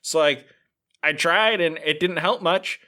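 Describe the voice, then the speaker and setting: A man's voice: fairly high pitch, a little slow, bright, forceful tone. A man co-hosting a casual podcast, telling a rambling story with lots of filler words. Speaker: podcast co-host. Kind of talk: casual chat.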